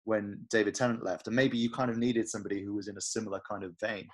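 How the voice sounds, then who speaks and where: A man with a low, husky voice chats on a podcast at a quick clip. He talks loosely, full of fillers and little hedges, and sounds like an easygoing co-host. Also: steady tone. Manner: fast, chatty, hedging with fillers. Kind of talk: casual chat.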